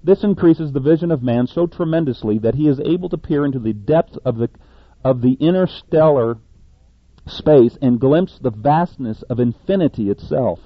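A man's voice: mid-range voice, animated, moderate pace, no room sound. Man, folksy preacher, stumbles and self-corrects; dull, dry recording. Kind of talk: sermon.

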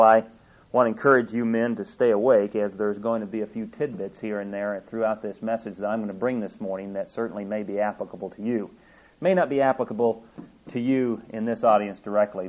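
A man preaching a Mother's Day style sermon to a congregation in an earnest, folksy way, often pausing with fillers and restarting his sentences. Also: on the low side, darkish tone, lo-fi sound. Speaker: pastor.

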